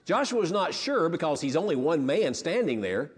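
A man's voice: on the high side, very animated, normal speed, slightly rough. Preaching man in a reverberant sanctuary. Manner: conversational preaching with frequent restarts. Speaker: pastor. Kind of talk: sermon.

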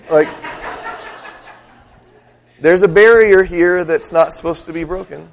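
A man preaching a sermon, telling a story in a relaxed, conversational way and putting questions to the congregation. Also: high voice, unhurried, long pauses, a little hiss or hum.

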